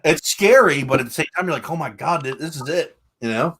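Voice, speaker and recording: A man's voice: a little high, lively intonation, a little fast, a bit bright, husky. A man hosting a casual interview, chiming in with short agreements and curious questions. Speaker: host.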